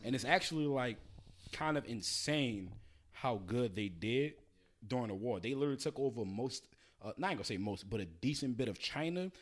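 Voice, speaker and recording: A man hosting a podcast, telling a story in loud, profane, animated casual banter. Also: medium pitch, normal speed. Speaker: podcast host.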